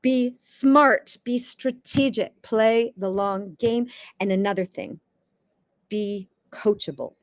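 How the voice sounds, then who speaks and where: A woman from the US East Coast, a communication coach giving advice as an interview guest in a lively, emphatic way, sometimes stammering as she restarts. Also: medium pitch, slow, dry recording. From United States East Coast.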